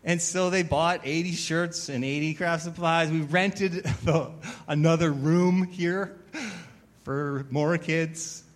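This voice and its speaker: A pastor with a somewhat high voice delivers a sermon. He tells stories with a dry, self-mocking wit and then rises into louder, emphatic preaching. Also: fairly even intonation, takes it slowly. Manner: storytelling with wry self-mocking humor.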